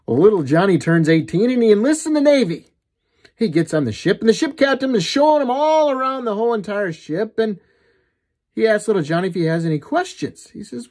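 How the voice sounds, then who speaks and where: A man's voice: fairly high pitch, expressive, a little fast, a little mellow. A middle-aged man telling dirty jokes, laughing at his own punchlines. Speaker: joke teller.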